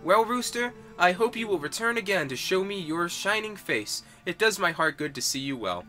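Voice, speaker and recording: Brief: man voicing a soft-spoken young village mother, high and bright. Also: lively intonation, moderate pace, soft background music. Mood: tender. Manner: tender, earnest, old-fashioned speech.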